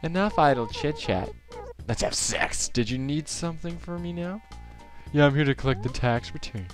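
A man's voice: a little high, animated, moderate pace, faint music behind, pitched above the performer's own voice, close to an everyday voice. A man voicing a snooty, condescending female cat villager in a video game. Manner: condescending and teasing.

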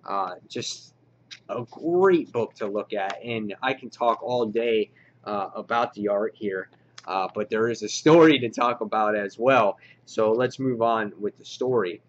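A man's voice: on the low side, measured pace, highs cut off. Man rambling through a comic review. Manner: enthusiastic, rambling, many filler words. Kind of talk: casual review walkthrough.

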